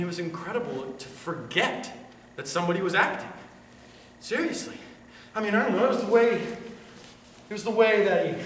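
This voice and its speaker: Animated young man in a one-man show. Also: fairly high pitch. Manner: animated, self-deprecating, excitable. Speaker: solo stage performer. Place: university theater stage. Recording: echoey hall, distant mic, noise.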